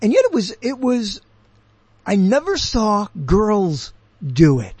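An older man from Brooklyn rambles through a solo monologue as host of his own show. His voice sits high for a man and has a husky grain. He keeps drifting off topic, questioning and correcting himself, and the sound is close and dry. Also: huge pitch swings, slow pace, a little mellow, no room sound. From Brooklyn, New York.

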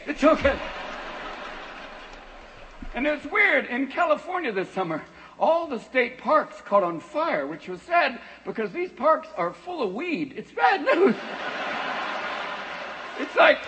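A man's voice: very high-pitched, very animated, unhurried. A man doing a crude, brash stand-up comedy set, working the crowd on a live stage. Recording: noisy live room with crowd.

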